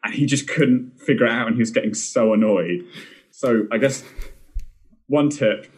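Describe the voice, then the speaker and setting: A man's voice: mid-range voice, moderate pace. A young man chatting casually on a podcast, rambling and self-deprecating with plenty of fillers and restarts. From Britain. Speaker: film director and podcast guest.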